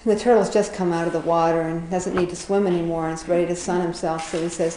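A woman's voice: fairly low pitch, fairly even intonation, fast, dark tone, roomy sound, a little hiss or hum, rough recording. A woman casually retelling a children's fable, chatty, often laughing, with many fillers and restarts. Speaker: storyteller.

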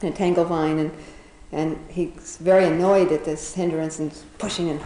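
A woman's voice: sits low, fairly even intonation, moderate pace, dark tone. A woman casually retelling an animal fable, rambling with fillers and chuckling as she goes. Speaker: storyteller. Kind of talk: casual storytelling. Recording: roomy echo.

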